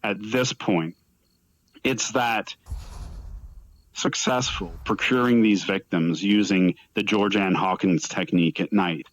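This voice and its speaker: A man's voice: lowish voice, slow, rough recording. A man giving a live lecture, telling a story and acting out the quoted lines of the people in it. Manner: animated storytelling, acts out quoted speech. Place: virtual reality event.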